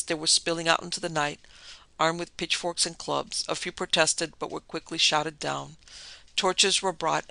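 Gravelly, bright-voiced horror story narrator. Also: medium pitch, dry recording. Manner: dramatic, measured storytelling. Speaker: podcast narrator.

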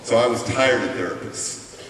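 A middle-aged American man gives a conversational keynote as a motivational speaker, telling his life story in an animated way. His voice is medium-pitched at a moderate pace. The recording, made with a distant room mic in a large hall, is echoey with faint hiss.

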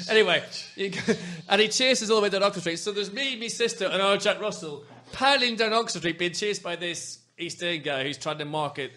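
A Northern Irish man hosts a football podcast in easy casual chat. His voice sits a little high, and he rambles through jokey stories with plenty of asides. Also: brisk, hardly any pauses, bright, forceful tone. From Northern Ireland. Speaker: podcast host.

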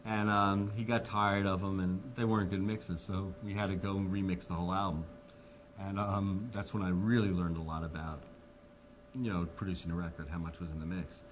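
A fairly low-voiced man telling stories in an interview. He is animated, often restarting sentences and filling pauses with ums. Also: slight background noise. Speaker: interviewee, record producer. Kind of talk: anecdotal interview storytelling.

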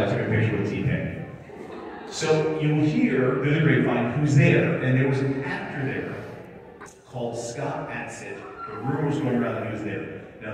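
A man's voice: medium pitch, far from the mic. Man telling stories in an echoey hall. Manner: chatty, acts out quoted dialogue. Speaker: convention organizer addressing attendees. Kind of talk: storytelling to a live audience. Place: large convention hall.

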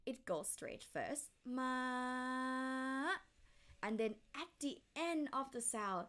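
A woman's voice: on the high side, very animated, a little slow. A woman with a Thai accent teaching a language lesson step by step, demonstrating tones by drawing out single syllables.

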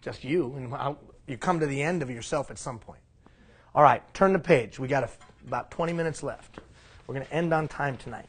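A man leading a leadership workshop, animated and asking the room questions. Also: mid-range voice, a little fast, husky. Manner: animated, asks the room questions, acts out mock quotes. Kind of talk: live seminar talk. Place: classroom.

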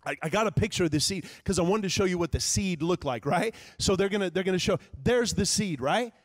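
High-voiced preaching man from Texas. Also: expressive, a little fast, no room sound, clean studio sound. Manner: swings from loud preaching to quiet asides; conversational, humorous, with many fillers. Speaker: pastor. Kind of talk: live sermon. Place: church sanctuary.

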